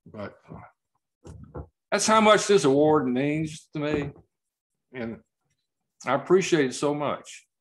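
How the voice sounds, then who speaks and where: A man giving an award acceptance speech over a video call, telling a story slowly and haltingly and choking up at times. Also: fairly high pitch, animated. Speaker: award recipient.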